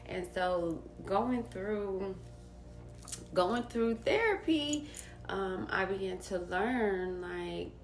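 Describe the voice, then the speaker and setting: A woman vlogger with a lowish voice speaks slowly in an echoey room, casually sharing a personal story. She's candid and slangy, dropping to near whispers and rising to laughing emphasis, with a roomy sound and faint background hiss.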